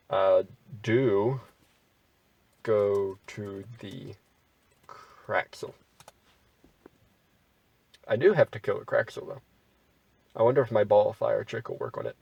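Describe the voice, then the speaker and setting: A man's voice: lowish voice, moderate pace, creaky, pauses often, breathy edge, no room sound, distant mic, muffled recording. A man reading an AI text adventure aloud and adding wry, bemused asides as he plays. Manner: wry, bemused asides between read-out passages. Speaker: gamer playing an AI text adventure.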